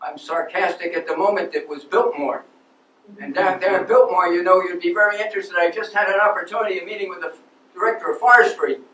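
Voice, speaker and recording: Speaking fast in a high, slightly bright voice, a man plays an aging, passionate and restless 19th-century landscape architect in a first-person living-history monologue, recounting his story with earnest emotion. The recording comes from an echoey lecture hall with a distant mic and carries a little hiss or hum.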